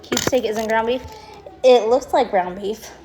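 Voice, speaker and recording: A woman's voice: fairly high pitch, measured pace, background noise. A young woman streaming live from home on her phone, chatting casually with frequent laughs and swearing. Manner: chatty, rambling, swears freely, laughs often. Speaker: livestream host. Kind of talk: casual chat.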